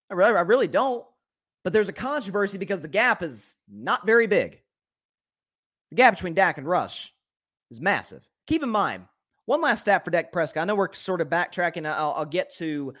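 High-pitched opinionated sports talk host. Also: male voice, moderate pace. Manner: animated, opinionated, repeats words while thinking. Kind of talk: solo sports talk commentary.

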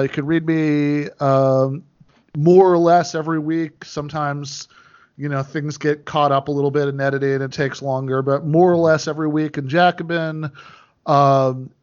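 Halting man on a lo-fi call. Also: a little high, smooth. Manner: hesitant, many fillers and restarts. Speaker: podcast guest, writer. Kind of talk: casual chat over a call. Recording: dull lo-fi sound.

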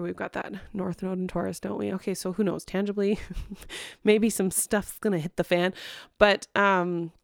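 A woman in her thirties hosting a podcast, talking in a chatty, animated way with lots of restarts and self-deprecating asides. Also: mid-range voice, clean tone, no room sound, clean studio sound. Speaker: podcast host. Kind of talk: casual spiritual chat.

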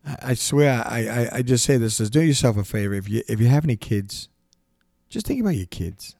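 A man of middle pitch hosts a podcast and rants with passion, restarting sentences and hammering the same phrases. The recording is dry and close, with no room sound at all. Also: animated, a little fast, vocal fry, darkish tone, no room sound. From United States. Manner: repetitive, restarts often, emphatic rants. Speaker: podcast host. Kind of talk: impassioned podcast monologue.

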